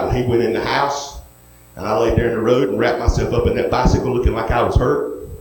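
A man preaching a sermon, moving from folksy storytelling to soft pleading. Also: mid-range voice, fairly even intonation, fast. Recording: very echoey hall with faint noise.

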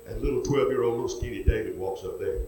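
A man's voice: mid-range voice, quick pace, mellow, heavy reverb, rough recording. A man preaching a sermon, retelling a story in a folksy way and acting out each character.

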